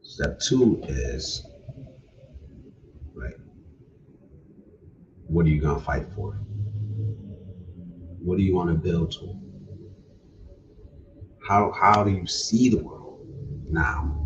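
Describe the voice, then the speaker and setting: A man with a deep, low voice, talking unhurriedly in a laid-back livestream chat, often ending his lines with "man". He sounds set back from the mic. The recording is dull and lo-fi. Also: animated, takes it slowly, pauses often, recorded from a distance, noisy background. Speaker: livestream host. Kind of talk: casual livestream talk.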